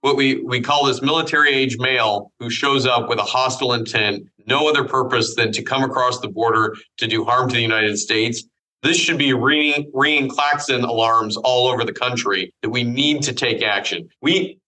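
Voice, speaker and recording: A middle-aged congressman from Iowa speaks as a guest in a political interview, earnest, firm and measured. His medium-pitched voice has a sharp tone, and the audio is poor.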